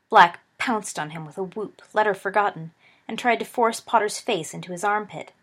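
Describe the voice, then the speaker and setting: A woman's voice: mid-range voice, moderate pace, breathy edge. Woman narrating a story. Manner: steady storytelling with voiced dialogue. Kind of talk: audiobook reading of a fan story.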